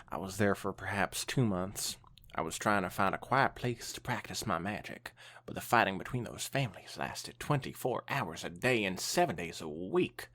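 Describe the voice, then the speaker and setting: A man's voice: low-pitched, fairly bright tone. A man voicing a tipsy old male wizard pony who tells his story in a slurred, rueful ramble.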